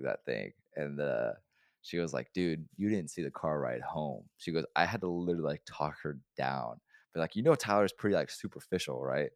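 A young man co-hosting a podcast, telling stories fast and swearing a lot in casual chat. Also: a bass voice, no echo, studio quality. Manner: fast-talking, swears a lot, animated storytelling. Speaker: podcast co-host.

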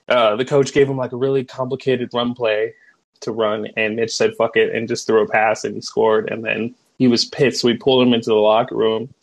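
Husky man, laughing podcast co-host. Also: medium pitch. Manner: laughs often, acts out quotes in a raised voice. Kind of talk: casual chat, retelling movie scenes.

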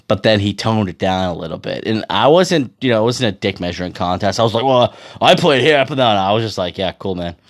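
A man in his thirties telling a rambling, profane story in casual monologue, often laughing. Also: lowish voice. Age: 30s. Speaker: amateur hockey goalie.

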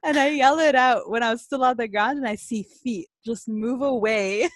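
A young woman co-hosting a casual chat, telling a story with frequent laughter and animated retelling. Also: a little high, normal speed, no room sound, clean studio sound.

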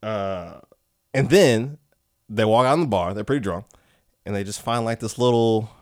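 Man, casual chat, comic book recap, rambling, repeats words, laughs often, middle pitch. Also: moderate pace, no echo, clean studio sound.

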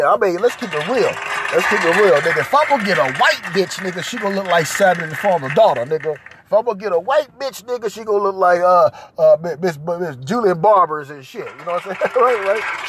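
A man in a profane, comedic podcast rant who hammers his points with repetition. His voice sits fairly high and swings widely in pitch. Constant hiss runs under the recording. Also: very animated, normal speed. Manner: loud, profane, repetitive ranting. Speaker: podcast host. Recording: noisy home recording.

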